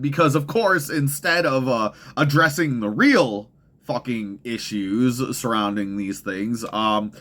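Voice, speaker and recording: A man's voice: mid-range voice, slow, fairly bright tone. A young man hosting a podcast, ranting in heated, profane, rambling commentary full of restarts. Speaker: podcast host.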